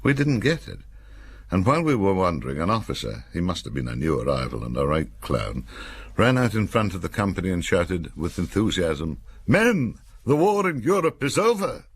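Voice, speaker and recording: A man's voice: low voice, lively intonation, a little fast. An older man from Cumbria, reading his own memoir as an audiobook with wry, dry-humoured storytelling.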